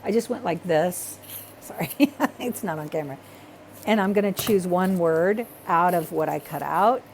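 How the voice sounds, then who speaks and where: A woman teaching a hands-on art project in a loose, chatty way, talking to herself and apologizing as she gets excited. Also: fairly low pitch, gravelly, a little hiss or hum. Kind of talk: casual craft tutorial.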